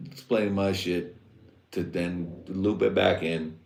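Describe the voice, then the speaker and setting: A man's voice: low-pitched, steady tone, unhurried, creaky, darkish tone. A man hosting a livestream, talking in a loose, rambling, profane and streetwise way. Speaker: livestream host. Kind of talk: casual rambling monologue. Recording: roomy echo.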